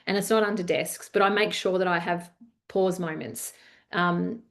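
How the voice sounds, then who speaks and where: A woman's voice: lowish voice, moderate pace, vocal fry. A woman, presenting a leadership masterclass and chatting her way through anecdotes with lots of fillers. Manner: chatty, many fillers, animated retelling. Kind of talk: webinar talk with anecdotes.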